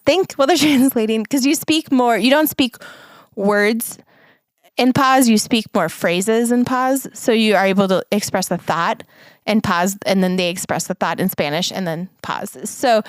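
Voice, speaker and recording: With a clear, resonant mid-range voice and no room sound, an American woman co-hosts a podcast chat. She speaks earnestly and reflectively and laughs from time to time.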